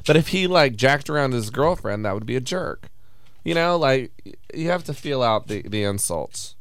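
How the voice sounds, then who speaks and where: A man's voice: medium pitch, expressive, moderate pace, fairly bright tone, no echo, studio quality. A young man co-hosting a podcast, chatting casually, rambling through questions and laughing often. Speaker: podcast co-host. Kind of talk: casual chat.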